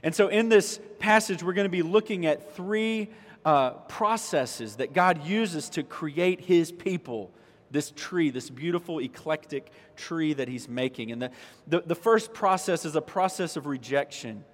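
A man's voice: fairly high pitch, unhurried. A man, the pastor, preaching a conversational sermon and reading scripture, pushing his voice up for emphasis. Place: church sanctuary. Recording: long reverb of a church hall.

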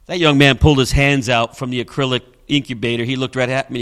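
A man's voice: medium pitch, fast talker, few pauses, a bit bright. A male pastor preaching a sermon, telling a story dramatically with emphatic, repeated refrains.

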